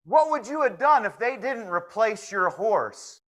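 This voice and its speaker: Guy doing a squeaky excited small-town local, pleading, bright and eager. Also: unhurried. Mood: urgent. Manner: high, urgent pleading. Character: excited nosy man in a small western town.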